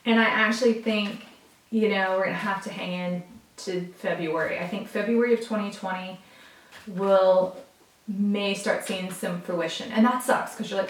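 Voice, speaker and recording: A woman reads tarot in a casual, chatty way and talks straight to her viewers. She gets excited as she goes. Her voice sits back from the mic and the room sounds roomy. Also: medium pitch, moderate pace. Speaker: tarot reader. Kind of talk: casual tarot reading to camera. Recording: roomy, from a distance.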